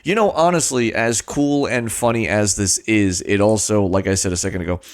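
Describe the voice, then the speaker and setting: A man streaming a game live, joking at himself and swearing, with sudden excited yelps. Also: on the low side, normal speed. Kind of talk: live gameplay commentary.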